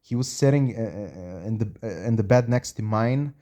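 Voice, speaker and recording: A man's voice: on the low side, normal speed, mellow. A man telling a rambling, slangy story in a casual way, swearing a lot.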